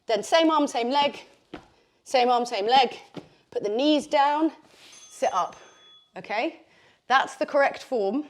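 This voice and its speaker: Upbeat woman instructor, out of breath mid-workout, chatty and encouraging, voice a touch high. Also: takes it slowly, pauses often. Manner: chatty, encouraging, with fillers like "like" and "okay". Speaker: fitness instructor.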